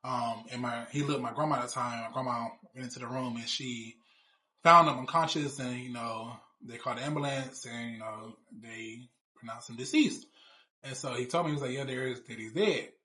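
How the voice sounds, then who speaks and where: Fast-talking, blunt, profane man. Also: medium pitch, pushed and bright. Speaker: show cast member. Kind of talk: casual personal storytelling.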